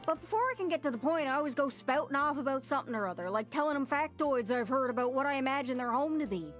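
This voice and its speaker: Lonely talking globe from a video game, Newfoundland accent, high voice, lively sing-song swoops, folksy rambling. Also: female voice, quick pace, soft background music. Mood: chatty wistful. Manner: rambling, folksy, over-eager. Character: chatty lonely globe woman, eager and awkward. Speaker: game character.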